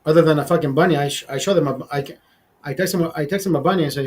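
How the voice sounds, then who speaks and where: A man's voice: fairly high pitch, racing, darkish tone. A man hosting a casual livestream chat, crude and profane, rambling with many restarts. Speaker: livestream host.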